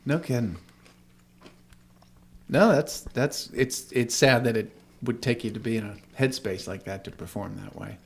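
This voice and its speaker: A man's voice: medium pitch, creaky, husky. A man co-hosting a podcast, joking around in casual chat with friends. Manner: animated, jokey, quick to laugh. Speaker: podcast co-host.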